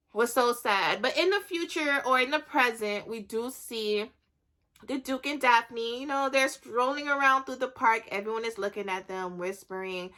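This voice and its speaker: Woman, slightly high, bright and forceful, chatty recap host acting out quotes. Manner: chatty, animated storytelling with acted-out quotes. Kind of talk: casual TV recap.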